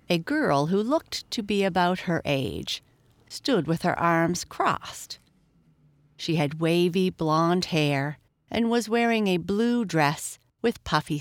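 A woman reading a children's storybook aloud in an expressive, measured way. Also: on the low side, no echo.

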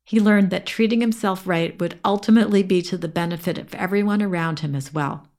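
A woman podcast host reading an inspiring true story aloud in a clear, steady storytelling manner, lightly voicing the quoted dialogue. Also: fairly low pitch.

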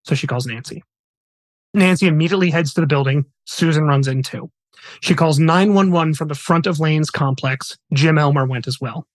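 Higher-voiced man telling a true story. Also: normal speed, dry recording. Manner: earnest, conversational storytelling. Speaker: podcast host. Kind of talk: casual true-story retelling.

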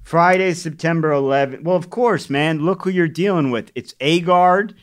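A man's voice: a little high, moderate pace, no room sound, studio quality. A man co-hosting a casual podcast chat about crossword puzzles, telling anecdotes and laughing often. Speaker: podcast co-host.

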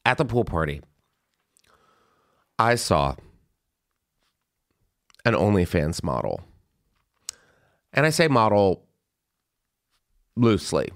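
A young man is telling a gossipy story on a podcast, and his pitch swings all over. His voice is smooth and clear. He breaks into high, squealing voices whenever he quotes someone. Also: big pitch swings, slow, long pauses. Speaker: podcast host. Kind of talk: casual storytelling chat.

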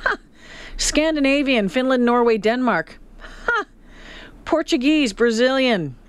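Ontario lady cohosting radio, smooth clear voice, chimes in a lot. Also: sits high, animated, measured pace. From Southern Ontario, Canada. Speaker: radio co-host. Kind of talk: casual on-air chat.

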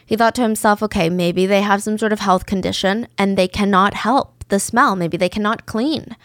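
A woman's voice: medium pitch, moderate pace, no room sound, studio quality. A woman narrating a true crime story in a casual, chatty way, with conversational asides.

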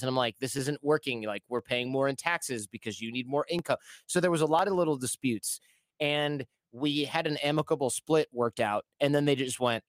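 Man in his thirties, casual storytelling, animated, middle pitch, dry studio sound. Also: fairly quick, no room sound. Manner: animated, acts out quoted voices. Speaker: podcast guest.

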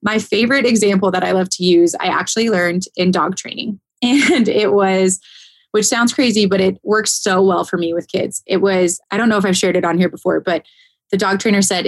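A woman in casual podcast conversation, telling a story in an animated way and laughing often. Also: medium pitch, moderate pace, dry recording. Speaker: caregiver.

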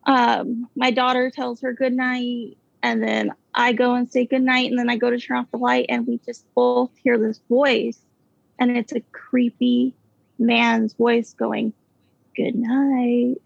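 A caller tells a ghost story in a fairly high, fry-tinged voice with a completely flat delivery, halting and restarting with lots of fillers and nervous laughs. The casual telling is captured in a dull, lo-fi, dry recording from a close room.

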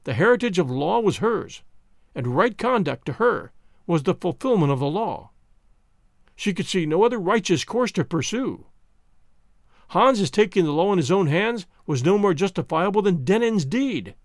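Guy reading an audiobook, high voice that swoops a lot, dramatic and expressive. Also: moderate pace, no echo, studio quality. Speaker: narrator. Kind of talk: audiobook narration.

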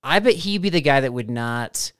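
Playful, lively-voiced podcast host. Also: male voice, medium pitch, moderate pace, clear, resonant tone, no room sound, studio quality. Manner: playful, laughs easily, needling. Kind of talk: casual podcast banter and ad read.

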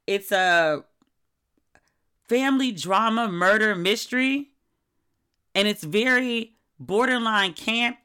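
A middle-aged woman hosting a podcast, chatting casually in a candid, wry, animated way. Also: mid-range voice. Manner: candid, wry and animated, with sudden quoted outbursts. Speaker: podcast host. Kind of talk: casual solo podcast chat.

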